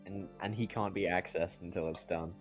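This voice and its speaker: A man's voice: low-pitched, fairly even intonation, normal speed, faint music behind. A man playing a tabletop game, joking and laid-back. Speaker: player. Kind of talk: casual tabletop play.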